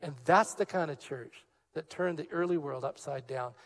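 Animated older male pastor telling a story. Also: a little high, moderate pace, big-room sound. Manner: animated storyteller, acts out quoted dialogue. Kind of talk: sermon with personal storytelling.

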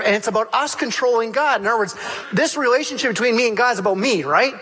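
High, bright-voiced male pastor. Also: quick pace, a little hiss or hum. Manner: animated storytelling, acting out the characters' lines. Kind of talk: sermon.

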